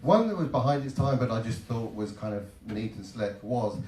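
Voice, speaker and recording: A middle-aged man speaking on a live panel as a game developer, relaxed and reminiscing, sometimes repeating a word as he starts a thought. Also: mid-range voice, normal speed, slight background noise. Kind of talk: live panel talk to an audience. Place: event hall at a game arcade. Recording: echoey hall, voice from far off.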